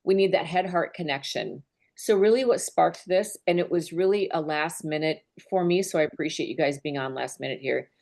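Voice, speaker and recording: A woman's voice: low voice, moderate pace, creaky, darkish tone. A woman business mentor speaking to her team on a group call, earnest and openly emotional in a conversational way. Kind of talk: heartfelt talk on a group call.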